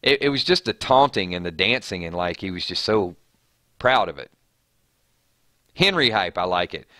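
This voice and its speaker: A man's voice: low voice, lively intonation, normal speed, bright, forceful tone, dry recording, studio quality. A man hosting a live stream, chatting casually and reading viewer comments aloud with frequent restarts.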